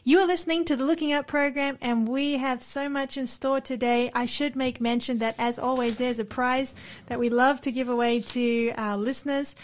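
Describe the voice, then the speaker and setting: Upbeat higher-voiced woman radio host. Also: fairly even intonation, normal speed. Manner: upbeat, bright presenter delivery. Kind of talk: radio presenting. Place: radio studio.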